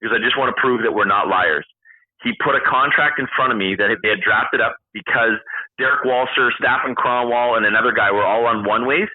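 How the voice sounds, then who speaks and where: A man in his forties, a retired hockey player and podcast guest, telling animated stories, acting out quoted dialogue and swearing freely. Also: medium pitch, a little fast, dry recording. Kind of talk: casual storytelling interview. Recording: tinny phone-like call line.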